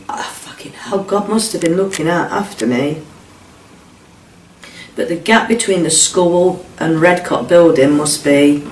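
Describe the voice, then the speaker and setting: A middle-aged man, giving blunt, sweary personal testimony in an interview and repeating himself as he retells events. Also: high voice. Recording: roomy, distant mic, faint ambience.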